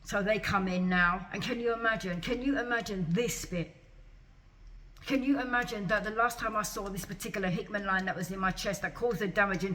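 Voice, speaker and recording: A woman's voice: medium pitch, fairly bright tone. A distressed woman venting in a vlog, agitated and repeating rhetorical questions over and over. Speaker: patient vlogger. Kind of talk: emotional vlog rant.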